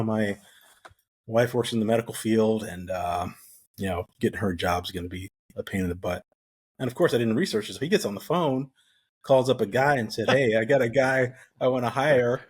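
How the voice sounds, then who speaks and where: A man's voice: mid-range voice, normal speed, slightly rough. A middle-aged man from the United States, a guest on an interview, telling his story casually and acting out the dialogue he quotes. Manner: animated storyteller who acts out quoted dialogue. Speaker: guest, retired Navy SEAL.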